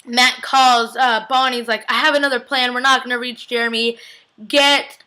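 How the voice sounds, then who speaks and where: A woman's voice: a little high, steady tone, moderate pace, sharp tone, poor audio. A young woman giving a casual, chatty TV episode recap, gushing and peppering her talk with "like". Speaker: TV recap vlogger.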